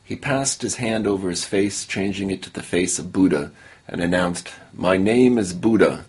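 A man reading a short story aloud in a measured, solemn way. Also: sits low, a little mellow, breathy edge. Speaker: story contributor.

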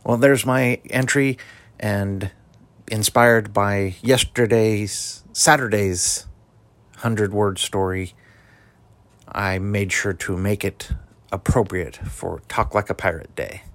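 A man reading aloud his own short story in a slow, measured manner. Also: on the low side, steady tone, a bit bright. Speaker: story contributor.

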